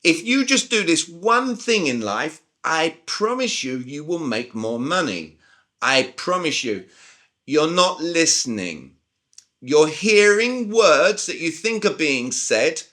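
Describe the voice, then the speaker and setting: Bright-voiced British coach in his forties. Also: on the high side. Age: 40s. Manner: emphatic, talks straight to the group with questions. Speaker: communication coach. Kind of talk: live online sales training. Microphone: video call.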